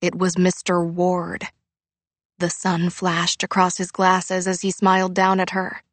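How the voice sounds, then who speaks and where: A woman reading a novel aloud in measured, even narration. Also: fairly low pitch, no echo. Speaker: audiobook narrator. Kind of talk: scripted narration.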